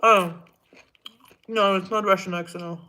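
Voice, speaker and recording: Bright-voiced woman chatting with livestream viewers. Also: mid-range voice, steady tone, normal speed. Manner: chatty, laughs often, scattered trailing asides. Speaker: livestream host. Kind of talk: casual livestream chat, answering viewer comments.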